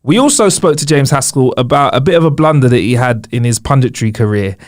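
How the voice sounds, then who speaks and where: A man's voice: mid-range voice, animated, brisk. A man hosting a podcast in casual chat, teasing his guest and introducing clips. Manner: teasing, laughs along, chatty. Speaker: podcast host.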